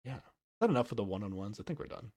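A young man co-hosting a casual recap podcast, his low voice swinging widely up and down as he talks. He laughs easily and hedges his opinions with "like" and "I don't know." The tone is relaxed and conversational. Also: rapid-fire. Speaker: podcast co-host.

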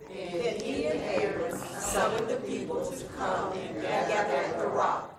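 A congregation member reading scripture aloud in a steady manner in a church. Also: medium pitch, unhurried, over a noisy crowd. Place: church sanctuary. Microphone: far from the mic. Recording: echoey church from far off.

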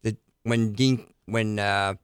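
A man's voice: on the low side, steady tone, takes it slowly, clear, resonant tone, no room sound, clean studio sound. A man who is a regular on a talk show, chatting casually and often searching for his words mid-sentence. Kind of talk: casual studio banter.

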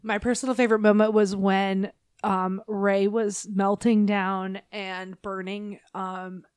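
A woman's voice: medium pitch, flat delivery, slow pace, a little mellow, clear, resonant tone. A woman co-hosting a fan podcast, describing a favorite moment in an earnest, thoughtful way. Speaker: podcast co-host. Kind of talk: casual fan chat.

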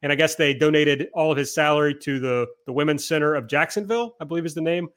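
A man's voice: fairly high pitch, fast talker, a bit bright. A man hosting a casual podcast, recapping events from his notes in a chatty, self-deprecating way. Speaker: podcast host. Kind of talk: casual chat, recapping wrestling.

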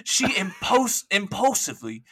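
A man's voice: sits high, big pitch swings, unhurried, pushed and bright, husky. A man chatting and joking on a gaming podcast, laughing often, swearing freely and stumbling while reading text aloud. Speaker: podcast guest. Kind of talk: casual podcast banter.

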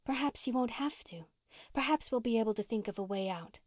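Woman doing a soft, gentle minister's daughter. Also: a little high, lively intonation, brisk, dry recording, studio quality. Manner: soft, tender and pleading.

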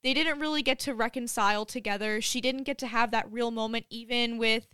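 A woman's voice: fairly high pitch, steady tone, fairly quick, bright, forceful tone, clear, resonant tone, dry recording. A woman co-hosting a podcast, talking casually and earnestly at length. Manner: earnest, talks things through at length. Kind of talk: casual chat.

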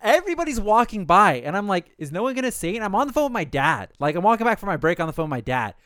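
A man telling stories in casual chat, swearing often and talking with animated energy. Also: sits high, racing, dry recording, studio quality. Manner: profane, animated storytelling.

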